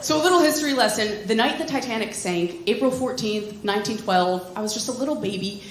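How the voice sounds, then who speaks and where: A woman comedian performing a stand-up set on a club stage, with deadpan delivery and quick asides. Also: a little high, slight background noise. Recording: roomy club sound with loud laughter. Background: audience laughter.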